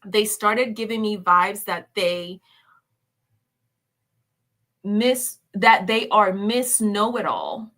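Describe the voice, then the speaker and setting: Speaking extremely slowly with long pauses, this medium-pitched woman has a fairly bright voice and lively intonation. Chatty on her commentary livestream, she reads out viewers' comments, laughs and exclaims in response, and keeps addressing them as "y'all."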